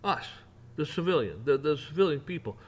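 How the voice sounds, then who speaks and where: A man's voice: a little high, lively intonation, brisk. Heated man ranting his opinions. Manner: heated, mocking, rising to near shouting at peaks; mimics officials in sarcastic voices. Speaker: rant channel host. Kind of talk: opinion rant to camera.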